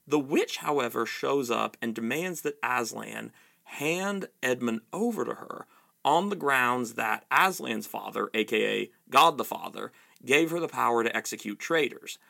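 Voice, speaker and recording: Man narrating a video essay, dry wit, lively pitch, gravelly. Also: unhurried. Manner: dry, wry humor.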